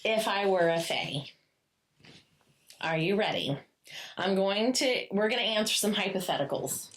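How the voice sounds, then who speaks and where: Woman co-host, casual book chat, effusive and profane, mid-pitched. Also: animated, fairly bright tone. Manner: gushing, swears freely, quick asides. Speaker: podcast co-host.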